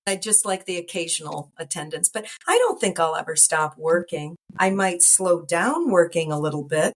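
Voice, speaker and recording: A woman's voice: on the low side, animated, normal speed. A woman in her sixties with an American accent, a midwife talking casually as an interview guest, rambling and laughing often. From United States. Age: 60s.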